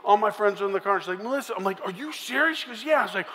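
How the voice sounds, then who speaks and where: A man's voice: high voice, very fast, bright, forceful tone. A man telling a comic story to a youth conference crowd, acting out voices and sound effects. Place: large conference hall. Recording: live hall with long reverb, faint room noise.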